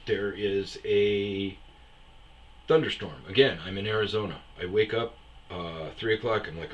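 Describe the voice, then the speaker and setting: A man's voice: lowish voice, a little slow, muffled recording, slight background noise. A man hosting a casual storytelling show, swearing freely and acting out the dialogue. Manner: profane, animated, acts out dialogue. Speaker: storyteller host.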